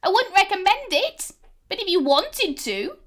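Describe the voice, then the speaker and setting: A tiny scowling creature girl, very high voice, curt and dismissive, played by a woman in a tabletop game. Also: sing-song, a little slow, exaggerated voice. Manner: prim, dismissive.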